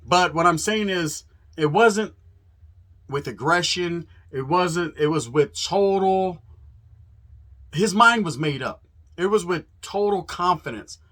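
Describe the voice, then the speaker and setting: A man's voice: sits high, lively intonation, slow, a bit bright. A man from California hosting a profane, fired-up fight promo, talking in street slang laced with Spanish words. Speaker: host. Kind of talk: hyped fight promo monologue.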